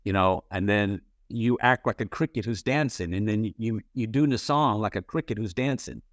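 Male interviewer, low voice, rambling and candid, dry close sound. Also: normal speed, no echo. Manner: rambling, full of "you know" and restarts; candid, swears casually. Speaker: interviewer, playwright and actor. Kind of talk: casual interview talk.

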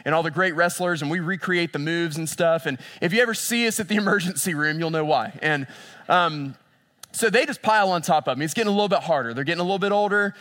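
A man preaching a sermon as a pastor. He moves between lively storytelling and hushed, intense passages, and repeats phrases for emphasis. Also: on the high side, fast talker.

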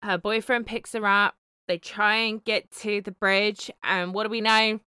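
A woman co-hosting a podcast, chatting casually, animated and laughing often. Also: mid-range voice, unhurried, clean tone, dry recording, studio quality. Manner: animated, laughing, swears freely. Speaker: podcast co-host. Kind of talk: casual chat.

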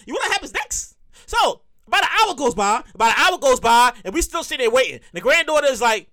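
A man hosting his own comedy show, telling a profane, excitable rant full of repeated lines. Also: extremely high pitch, fairly quick. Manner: profane, excitable ranting with lots of repetition.

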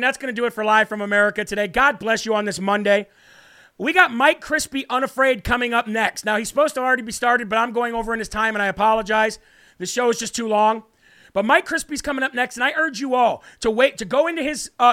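A man hosting a live political commentary show, fiery and preacher-like, shouting at times. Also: very high voice. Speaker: host.

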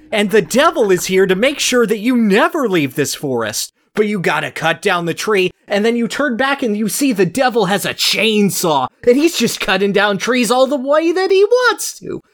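Animated man telling a dramatic story. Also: high-pitched. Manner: dramatic, building storytelling with exaggerated imagery. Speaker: podcast co-host. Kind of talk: comedic storytelling and game discussion.

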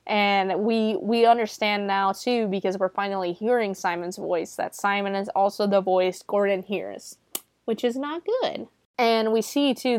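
A woman's voice: mid-range voice, no room sound, studio quality. Chatty woman recapping a movie. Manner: chatty, profane, laughs while retelling scenes. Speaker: movie reviewer.

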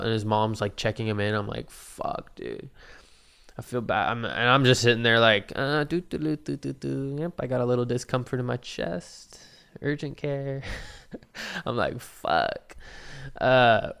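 A man's voice: lowish voice, a bit bright, clean tone. A young man telling a rambling, profane story in a casual monologue, often laughing at his own asides.

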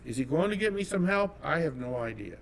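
A man from California telling a personal story as an interview guest, animated and acting out the dialogue. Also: on the high side, fairly quick, slight background noise. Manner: animated, acts out quoted dialogue.

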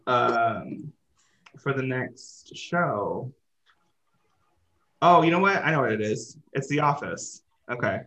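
A man co-hosting a casual show-recap chat, animated and laughing often. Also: mid-range voice, slow, long pauses. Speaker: podcast co-host.

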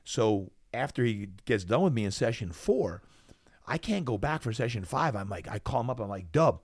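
On a podcast, a middle-aged fitness coach from New Jersey energetically relates a personal story and animatedly acts out quoted dialogue. He talks at a moderate pace in a mid-range voice, recorded dry at studio quality.

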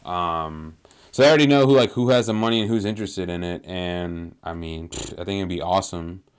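A young man with a very low, smooth and resonant voice talks football on a casual podcast. He rambles in a laid-back way, leaning on fillers and restarts as he thinks aloud. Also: brisk. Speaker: podcast co-host, Commanders fan. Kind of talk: casual sports podcast chat.

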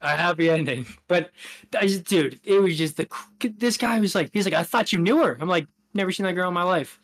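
A man's voice: high voice, a little fast, a bit bright. A man co-hosting a podcast, telling a rambling anecdote in casual chat, laughing often and acting out what people said. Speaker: podcast co-host.

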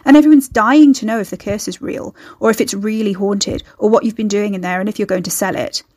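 A woman's voice: on the high side, animated, a little fast. A woman voicing an eager, chatty young supervisor who is bursting with curiosity.

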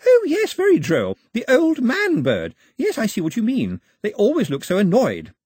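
A man voicing a prim, proper young girl, shipwreck survivor, in an audiobook, speaking brightly and with emphasis. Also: very high-pitched, wildly swooping pitch, husky, no echo, studio quality, pitched above the performer's own voice, exaggerated voice. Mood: delighted. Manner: bright and emphatic, slow careful teaching words. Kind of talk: audiobook character voice.

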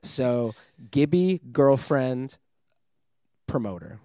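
A young man, a DJ guest, telling a wild story in casual chat, animated and swearing often, laughing as he goes. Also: mid-range voice, extremely slow, no echo, clean studio sound.

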